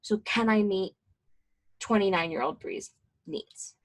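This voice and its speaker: A woman's voice: medium pitch, unhurried, creaky. Chatty young woman counselor presenting. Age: 20s. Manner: chatty, informal, lots of fillers and asides. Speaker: mental health counselor. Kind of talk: casual presentation to professionals.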